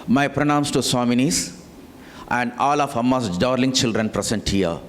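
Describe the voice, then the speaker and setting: A man, a swami giving a deliberate, storytelling spiritual talk to teachers. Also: mid-range voice, steady tone, slight background noise. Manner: storytelling, acts out dialogue, deliberate with restarts.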